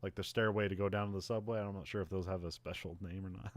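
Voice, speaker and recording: A podcast host recapping a film in a casual, rambling way, full of fillers and restarts, laughing at the plot now and then. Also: male voice, deep voice, steady tone, quick pace.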